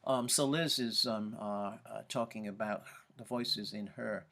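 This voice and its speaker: A man's voice: on the low side, fairly even intonation, a little slow, vocal fry, pushed and bright. A man giving a university lecture, hesitant and full of ums and uhs. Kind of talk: recorded lecture.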